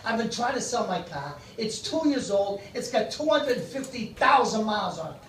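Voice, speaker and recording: A man's voice: high voice, animated, normal speed, a bit bright, a little hiss or hum. A man telling stand-up jokes and hosting a comedy club night, acting out both sides of each joke. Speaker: comedy club host and comic. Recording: echoey club from far off. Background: laughing crowd.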